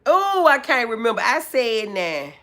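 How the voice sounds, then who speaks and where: A woman hosts a casual livestream and talks straight to her viewers. Her fairly high voice swings widely up and down, and she laughs and lets out loud whoops as she reads the chat. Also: very animated, unhurried. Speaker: livestream host.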